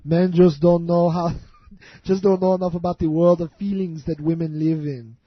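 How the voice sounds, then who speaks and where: A man's voice: on the high side, flat delivery, moderate pace, no room sound, muffled recording. A man hosting a radio show, reading odd news items jokily and laughing as he goes. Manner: jokey, laughs while reading.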